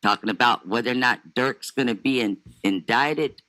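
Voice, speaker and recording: Bright-voiced man addressing his viewers. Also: medium pitch, moderate pace.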